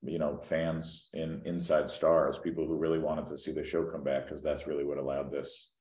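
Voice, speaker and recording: A man being interviewed as an actor, answering thoughtfully with many pauses and ums, and teasing now and then. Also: a bass voice, level tone, a little mellow. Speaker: actor guest. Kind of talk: casual press interview. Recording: roomy echo.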